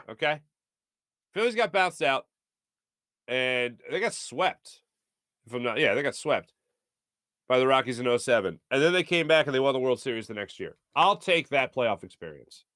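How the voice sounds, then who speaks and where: A man's voice: medium pitch, moderate pace, no echo, clean studio sound. A man in his thirties hosting a live sports talk show, reading out viewer comments in a playful, joking way. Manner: playful, animated, jokey.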